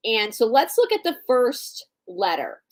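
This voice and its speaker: A woman from Atlanta, Georgia co-hosts a live online show, chatting casually, explaining things, reading aloud, and speaking directly to her listeners. Her slightly high voice swoops wildly in pitch at an unhurried pace, and the recording quality is low.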